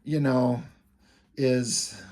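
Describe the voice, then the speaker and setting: Male vlogger, loose and rambling, quick to laugh and curse, casual show-and-tell delivery. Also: mid-range voice, darkish tone. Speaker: video creator.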